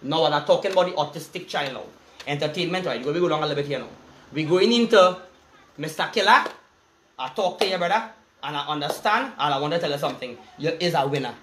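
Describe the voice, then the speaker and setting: A man's voice: fairly high pitch, animated, fast talker, a bit bright, a little hiss or hum. A man with a Trinidadian accent delivering an angry, profane street rant in heavy Creole dialect, cursing and making threats. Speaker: vlogger.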